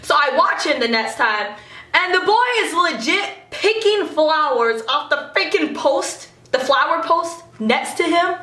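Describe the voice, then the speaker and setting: A young woman chatting excitedly to her viewers in a storytime vlog, animated and giggly with lots of fillers. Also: high-pitched, a little slow, roomy sound. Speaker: vlogger.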